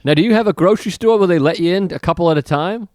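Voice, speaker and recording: A man's voice: sits high, very fast, a little mellow, no echo, clean studio sound. A man in casual podcast banter, crude and swearing, joking freely.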